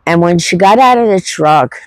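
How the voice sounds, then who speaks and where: A woman's voice: on the low side, animated, moderate pace, dry recording, low-quality recording. A middle-aged woman vlogger telling a personal story in a rambling, heartfelt way, full of fillers and restarts. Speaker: homesteading vlogger.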